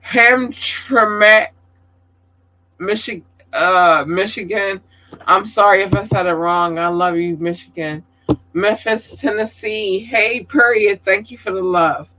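A man giving casual livestream shout-outs to viewers, effusive and affectionate, calling them babies and swearing casually. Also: high-pitched, slow pace, rough recording.

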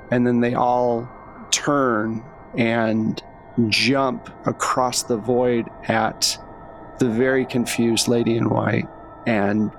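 A man's voice: medium pitch, vocal fry. A man narrating a tabletop role-playing game as its game master.

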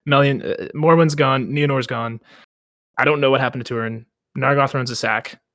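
A man's voice: medium pitch, fairly even intonation, normal speed, fairly bright tone, no room sound, close to an everyday voice. A man voicing a grief-stricken male elf captain who feels dishonored, in a casual podcast paraphrase. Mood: despairing. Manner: despairing, apologetic retelling.

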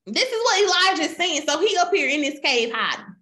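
A woman delivers a sermon in a high, bright-pitched voice. She retells the story with animated, voiced quotes and keeps calling her listeners y'all. The recording has a roomy, echoing sound. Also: a little fast. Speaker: preacher. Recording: roomy echo.

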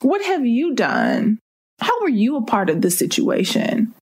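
A woman's voice: fairly high pitch, very animated, measured pace, darkish tone, husky. A woman preaching a sermon with impassioned, repeated rhetorical questions.

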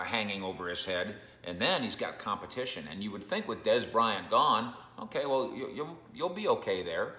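A man's voice: medium pitch, pushed and bright, echoey room. A man giving casual sports commentary as a reporter, conversational and joking with frequent asides.

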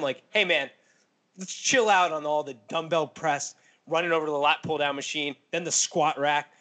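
A man's voice: on the high side, sharp tone. A man hosting a casual podcast, blunt and joking with mild cursing. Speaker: podcast host. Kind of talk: casual chat.

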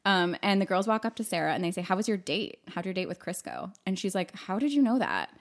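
A young woman co-hosting a podcast, recapping a film in casual chat, animated and swearing freely with frequent laughs. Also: on the low side, fast. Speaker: podcast co-host.

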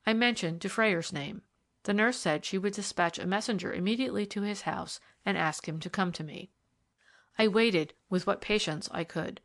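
Audiobook narrator, female, mid-pitched, steady scripted narration of a period mystery. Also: normal speed. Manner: lifts pitch and volume for quoted characters. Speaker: audiobook reader.

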